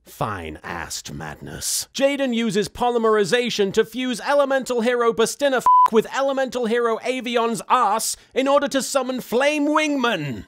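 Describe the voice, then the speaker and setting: A man's voice: extremely high pitch, a bit bright. Sarcastic man recapping an anime. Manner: sarcastic, exasperated asides. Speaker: host recapping an anime episode. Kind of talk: comedic recap commentary.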